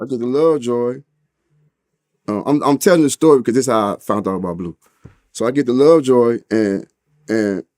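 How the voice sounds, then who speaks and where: A man's voice: medium pitch, mellow. A man from St. Louis with a St. Louis accent, telling a story as an interview guest, full of slang and cursing, and raising his voice when he acts out what people said. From St. Louis, USA. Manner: street slang and heavy cursing, acts out quotes in a raised voice.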